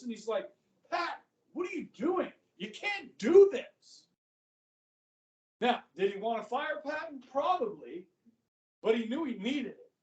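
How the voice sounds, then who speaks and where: Male history teacher, high voice, acts out quotes as he lectures; distant mic. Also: highs cut off. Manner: animated storytelling, acts out quotes. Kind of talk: classroom lecture. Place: classroom. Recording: echoey classroom, mic far off.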